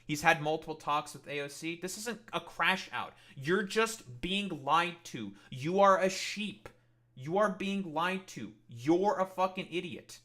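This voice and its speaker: A man's voice: a little high, a little slow, sharp tone. Heated, profane male streamer. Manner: sarcastic, mocking. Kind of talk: live-stream rant at chat.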